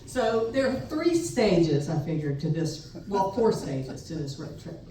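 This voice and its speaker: Middle-aged woman, storyteller, lively pitch, slightly low voice, far off in an echoey hall with faint noise. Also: unhurried. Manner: wry, animated, laughs between lines. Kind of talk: live personal storytelling.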